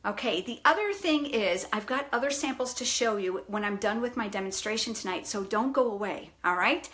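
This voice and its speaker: A woman's voice: fairly high pitch, lively intonation, brisk, a bit bright, husky. A middle-aged woman hosting a live craft demonstration from her home craft room on a phone camera, chatty and self-deprecating, greeting viewers by name. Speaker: stamping demonstrator.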